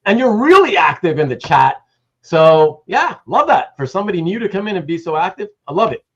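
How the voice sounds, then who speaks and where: A man's voice: sits high, big pitch swings, fairly quick, fairly bright tone, highs cut off. A man hosting a casual livestream, rambling and greeting chat viewers by name, with some casual swearing. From Canada. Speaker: livestream host.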